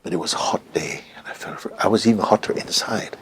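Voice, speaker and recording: A middle-aged spiritual teacher, appearing as an interview guest, recounts a personal story in a lowish, brisk voice. He sounds reflective and hesitant, and at times his voice drops to a whisper.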